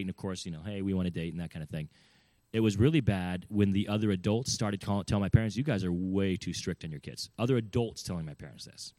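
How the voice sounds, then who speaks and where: Giving parenting advice through a storytelling talk, a man with a fairly low, darkish voice recounts a personal story in an earnest, emphatic way, repeatedly questioning the listener. The sound is dry and close, free of room echo.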